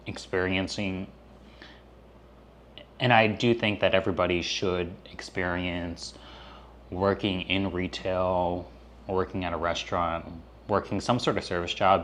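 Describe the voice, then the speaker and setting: A man with a very low voice chats casually in a mukbang-style vlog. He talks hesitantly, filling gaps with "um" and "like." A faint noise sits behind him. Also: a bit bright. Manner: hesitant, full of um and like. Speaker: vlogger.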